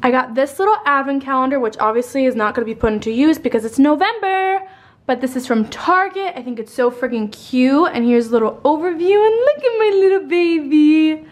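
A woman's voice: sits high, fairly quick. Bubbly, tired young woman vlogger. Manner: bubbly, rambling, swears casually. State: tired, a bit out of breath. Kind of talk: casual chatty home tour. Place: at home indoors.

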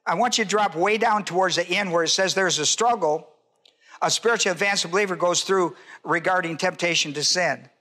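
A man's voice: high-pitched, brisk, sharp tone. An older man, a pastor, teaching a Bible sermon in an emphatic, repetitive way and putting questions to his congregation.

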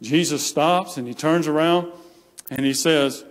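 Male preacher, storytelling sermon, slightly high pitch, echoing sanctuary. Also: a little slow. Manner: plain storytelling, acts out quoted voices, repeats phrases. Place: church sanctuary. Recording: long hall reverb.

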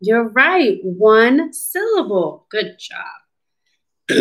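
A woman reads a children's storybook aloud very slowly, with a lively, swooping pitch. She speaks like a patient speech clinician, pausing to ask the little ones questions and coach them. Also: poor audio. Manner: slow, animated, teacherly, asks children questions.

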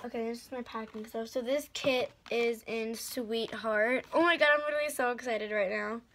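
A young woman filming an excited unboxing vlog, gushing and bubbly, with lots of "like" and "literally". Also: on the high side, normal speed, a little hiss or hum. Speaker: vlogger.

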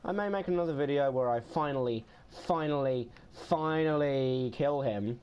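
A man giving gameplay commentary, getting frustrated, swearing a lot and yelling in bursts. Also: medium pitch, moderate pace, slight background noise. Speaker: gamer. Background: game music.

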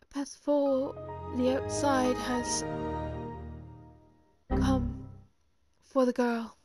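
A woman reading out a villain's written orders in a put-on British accent, slow, half-whispered and mock-ominous. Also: high-pitched, level tone, music in the background.

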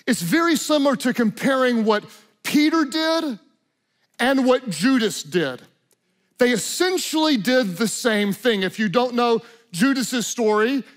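A man pastor preaching a sermon, swinging from loud emphatic lines to hushed, low passages.

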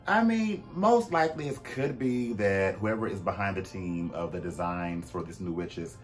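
A man hosting a vlog in casual, chatty commentary. He talks animatedly, with swooping pitch, sudden loud bursts and frequent fillers. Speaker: vlog host.

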